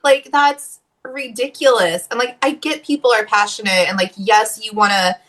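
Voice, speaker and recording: A woman's voice: fairly high pitch, moderate pace, a bit bright. A woman in a casual chat show, blunt and outspoken, swearing casually as she gives her opinion over a video call. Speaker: podcast co-host.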